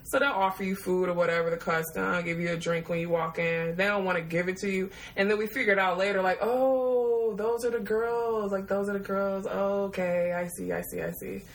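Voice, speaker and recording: A woman's voice: on the low side, steady tone, a little fast, few pauses, poor audio. Profane, laughing woman telling a story. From Detroit, USA. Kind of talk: casual storytelling.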